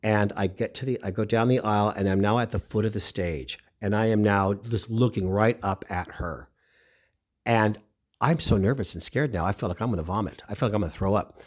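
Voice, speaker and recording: A middle-aged man with a slightly low voice recounts a personal memory. His telling is animated and full of feeling, with his pitch lifting as the story builds. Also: fairly quick. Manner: animated, emotional, lively retelling.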